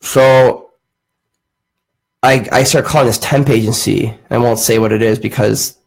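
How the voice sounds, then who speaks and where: A young man chatting on a podcast, his voice gravelly with a husky edge. He tells a long story in a loose, rambling way, full of fillers and casual swearing. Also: medium pitch, steady tone, unhurried, low-quality recording. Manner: rambling, profane anecdotes with frequent fillers. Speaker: podcast host.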